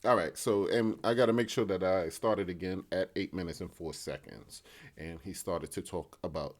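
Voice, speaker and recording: A man hosting a reaction video, chatting casually to his viewers in a halting, loose way with many ums and uhs. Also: low-pitched. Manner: halting and loose, lots of um and uh, addresses viewers as y'all.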